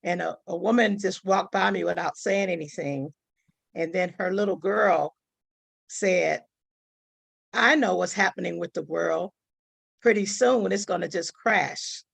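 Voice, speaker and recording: A woman's voice: lowish voice, a little slow, vocal fry, breathy edge, dry recording. A woman calling in to a live show, sharing a short anecdote and laughing often. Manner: laughs between short remarks. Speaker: caller. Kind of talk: casual chat.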